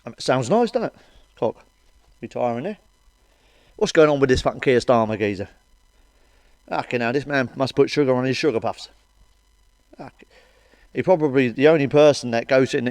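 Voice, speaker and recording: A man's voice: medium pitch, no room sound. Sweary stand-up man, dry sound. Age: middle-aged. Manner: blunt, sweary, deadpan asides. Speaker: stand-up comedian. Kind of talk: crude stand-up one-liners.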